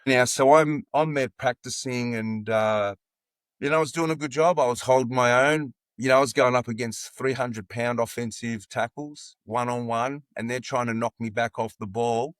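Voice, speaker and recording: A man's voice: mid-range voice, moderate pace, dry recording. Australian man in his sixties, telling stories. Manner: animated anecdotes, acting out quoted dialogue. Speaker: football coach, podcast guest. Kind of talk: casual storytelling in an interview.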